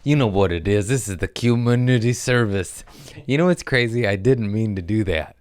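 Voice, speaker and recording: A man hosting a casual comedy podcast, rambling and animated, slipping in and out of goofy voices. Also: on the low side, normal speed, slight background noise. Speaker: podcast host.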